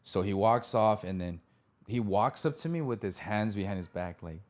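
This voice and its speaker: A podcast host in his thirties, with a lowish voice and fairly quick delivery, casually tells a story from his childhood. He's animated, acting out voices and laughing often.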